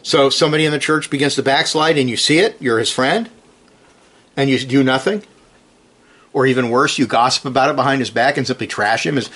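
An animated preacher with a medium-pitched, fairly bright voice gives an earnest, emphatic sermon. Repeating short commands, he drives home his points, and he reads scripture slowly with rising stress.

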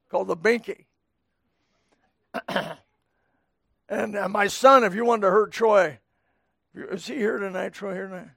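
High-voiced man preaching in folksy style. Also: fairly even intonation, a little slow, vocal fry, long pauses, fairly bright tone, no echo, studio quality. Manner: folksy, conversational preaching with asides to the congregation. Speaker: pastor. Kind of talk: sermon. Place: church sanctuary.

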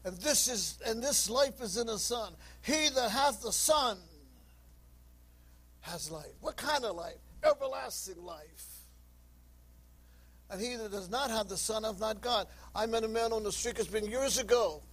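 The preacher speaks unhurriedly in a slightly rough voice, passionately reading King James scripture aloud and calling to sinners until he reaches high shouts. Audio quality is poor.

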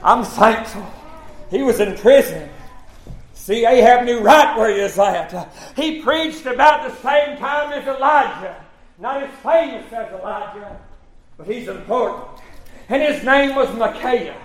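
A man preaching a sermon, swinging between shouted lines and quiet asides. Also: very high-pitched, expressive, measured pace, echoey room, rough recording.

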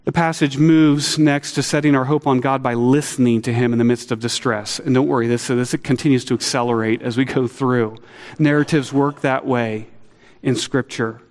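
A middle-aged man preaching a sermon, earnest and animated, acting out quotes with a lifted voice. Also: normal speed. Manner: earnest, animated, acts out quotes with rising pitch. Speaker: pastor. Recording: long hall reverb.

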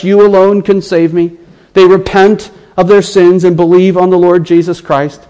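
A man preaches an expository sermon earnestly, repeating phrases for emphasis and shifting between hushed and raised delivery. His voice sits high, and the recording is rough.

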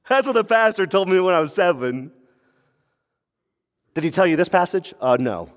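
High-voiced man preaching in a hall. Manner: animated preaching, quick mock voices and playful asides. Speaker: pastor. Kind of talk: sermon.

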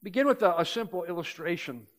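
An older male pastor delivers a sermon in a high, light voice. He tells everyday stories in an easy way, then presses his points with growing emphasis. He is speaking to a church congregation. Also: lively intonation, fast. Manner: storytelling, building to emphatic points.

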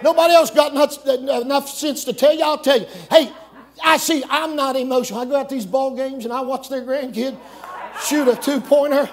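A middle-aged man preaching a camp meeting sermon, folksy and joking, breaking into shouts. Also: extremely high pitch, normal speed. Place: church camp meeting with congregation.

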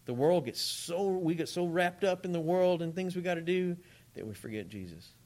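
A man delivers a sermon in a chatty, animated way, talking straight to his congregation. His voice sits a little high and swings widely in pitch as he preaches. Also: normal speed.

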